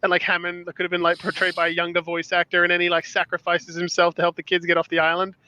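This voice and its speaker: A man chatting as a podcast guest, excitable and rambling, often breaking into laughter. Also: high-pitched, fast talker, smooth, no echo. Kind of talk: casual chat. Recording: dull lo-fi dry sound.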